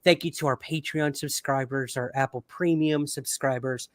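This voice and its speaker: A man hosting a livestream wrap-up, chatting in an upbeat and casual way with plenty of "um"s. His voice sits at an ordinary middle pitch and sounds dry and close, with no room echo. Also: steady tone, normal speed. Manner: upbeat, chatty, many fillers. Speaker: podcast host.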